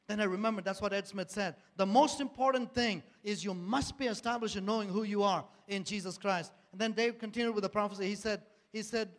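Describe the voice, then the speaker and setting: A man gives an earnest personal testimony in church, repeating phrases and posing rhetorical questions. His voice sits high with fairly even intonation, moving fairly quickly with few pauses, and the recording carries a long hall reverb.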